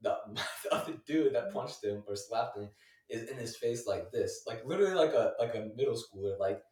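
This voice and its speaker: A man's voice: medium pitch, lively intonation, a little fast, darkish tone, recorded from a distance. A young man tells a long story in a loose, rambling way, packing in fillers and breaking into laughter, his voice jumping up whenever he mimics someone. He sits a little off the mic, and the room adds a roomy echo. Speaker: storyteller in a casual conversation. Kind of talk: casual chat.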